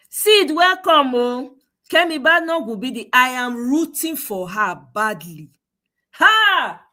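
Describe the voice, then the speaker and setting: A woman's voice: fairly high pitch, fairly bright tone. A Nigerian woman with a Nigerian accent, slipping into Pidgin, hosting a political livestream and mocking with laughing asides and exclamations. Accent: Nigerian, mixing Nigerian Pidgin. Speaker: livestream host.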